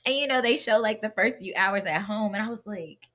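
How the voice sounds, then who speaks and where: A woman telling her own story as a podcast guest, chatty and animated, with lots of fillers and restarts. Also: mid-range voice, a little fast, slight background noise. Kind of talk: casual conversational storytelling.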